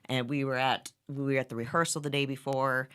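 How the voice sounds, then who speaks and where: A woman's voice: a bass voice, fairly quick, smooth. A middle-aged woman, a band member's mother, telling stories in a casual interview and acting out what people said. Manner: animated, acts out quoted dialogue. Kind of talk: casual storytelling.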